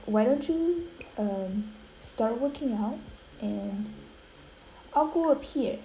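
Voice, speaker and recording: A woman narrates a game in a gushing, melodramatic commentary style. She often drops into hushed, whispery asides. Her voice sits mid-range and sounds mellow, with a faint hiss underneath. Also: mid-range voice, creaky, poor audio. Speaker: gaming YouTuber. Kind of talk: dramatic gameplay commentary.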